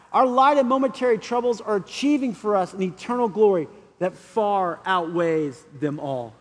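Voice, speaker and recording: A man's voice: very high-pitched, long reverb tail. A man preaching a sermon, telling a story and acting out the voices in it before urging his listeners on. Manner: storytelling, acting out quoted voices, building to urgent appeals. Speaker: pastor.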